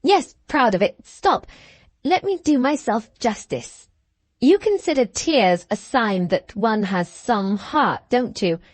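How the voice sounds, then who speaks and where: A woman's voice: a little high, lively intonation, slow, no echo. A woman voicing a hard, bitter young schoolgirl who talks with satirical scorn in an audiobook. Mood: scornful. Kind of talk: audiobook character reading.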